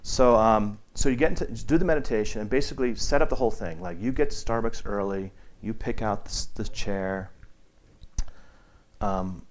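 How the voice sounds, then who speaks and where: A man's voice: lowish voice, normal speed. A man giving a casual meditation teaching to a group, talking in a rambling way with many restarts and fillers, and acting out the people he quotes.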